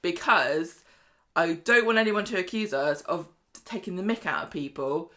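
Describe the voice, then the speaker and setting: A woman co-hosting a casual podcast, chatty, retelling scenes with quick asides. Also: lowish voice, animated, sharp tone. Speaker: podcast co-host. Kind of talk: casual soap recap chat.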